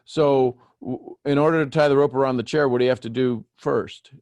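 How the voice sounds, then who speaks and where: A man leads a group coaching session over a video call. His voice jumps up high when he gets animated and teases the group. The sound is dry and close, with no room around it. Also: fairly quick, no room sound, dull audio. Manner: animated, teasing, questioning step by step. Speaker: host coaching callers.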